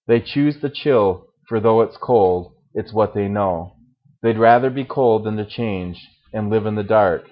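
A man's voice: on the low side, a little slow, lo-fi sound, close to an everyday voice. A man reading as a patient stranger bringing fire. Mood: calm.

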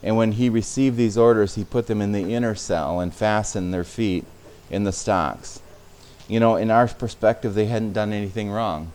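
A man's voice: on the low side, fairly even intonation, moderate pace, a little mellow, smooth. A man preaching a sermon as a pastor, speaking conversationally and sometimes repeating words.

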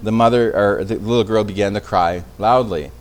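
A man with a somewhat low voice teaches an evening Bible study in a relaxed, conversational way. He often restarts his phrases and checks in with his listeners along the way. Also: moderate pace. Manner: conversational, with frequent restarts and tag questions.

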